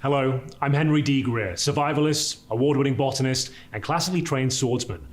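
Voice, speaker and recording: A man playing a pompous, haughty gentleman. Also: mid-range voice, a little fast, close to an everyday voice. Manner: haughty, condescending. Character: pompous self-styled survivalist gentleman, adult man. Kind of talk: comedy sketch acting.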